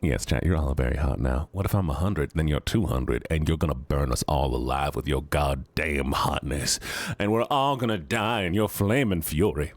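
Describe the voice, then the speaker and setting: A young man with a very deep voice streams from home at a moderate pace, teasing and rambling playfully with his viewers through a handheld studio microphone. No room sound comes through.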